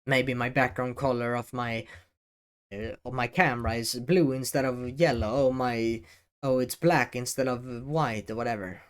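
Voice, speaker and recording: A man giving talking-head advice as an educational video creator, speaking deliberately with frequent pauses, stressed key words and casual swearing, seated at a desk mic. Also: medium pitch, fairly even intonation. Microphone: desk microphone, seated at camera.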